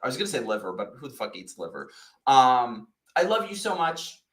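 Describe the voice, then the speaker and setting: A man hosting a casual live-stream chat, loud, crude and excitable, quick to laugh. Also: mid-range voice, reverberant. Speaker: podcast host.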